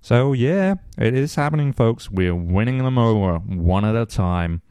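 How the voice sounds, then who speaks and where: A man's voice: mid-range voice, animated, a little slow, mellow, clean tone, no echo. A man hosting a casual podcast, reading listener mail and answering with rambling asides and dry humor. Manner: rambling, many ums and restarts, dry humor. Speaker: podcast host.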